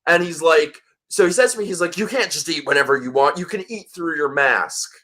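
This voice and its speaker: A man hosting a casual live chat, bright and fairly high-voiced. He tells stories in an animated way and swears freely. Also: brisk. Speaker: host.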